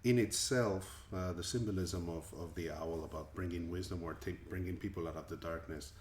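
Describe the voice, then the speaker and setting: Brief: male musician from Colombia, interview guest, very low voice, earnest and reflective, roomy recording. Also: a little fast, darkish tone. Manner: thoughtful, earnest, repeats words as he goes. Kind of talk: interview answers. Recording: echoey room with faint ambient noise.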